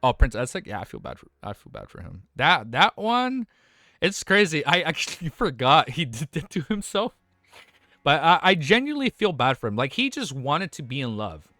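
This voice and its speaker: A man's voice: a little high, very animated, normal speed, sharp tone, no echo. A young man reading a web novel aloud on a live stream, stumbling over words and breaking off to react emotionally with casual swearing and slang.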